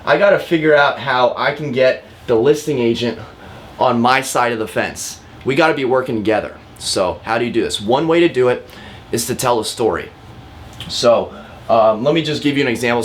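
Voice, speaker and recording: A man's voice: mid-range voice, a little hiss or hum. A man, a real estate agent, giving a casual lesson to camera, talking directly with frequent fillers and repeats. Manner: chatty and direct, often calls viewers guys.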